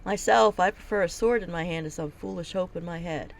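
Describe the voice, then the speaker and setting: A woman reading a gruff gate captain. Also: fairly low pitch, a little fast, a little hiss or hum.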